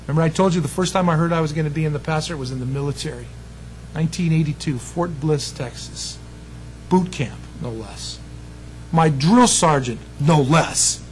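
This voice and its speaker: A man's voice: a little high, a little hiss or hum, poor audio. A male pastor preaching a sermon in a conversational way, often checking in with "you see" and "amen" before closing in prayer.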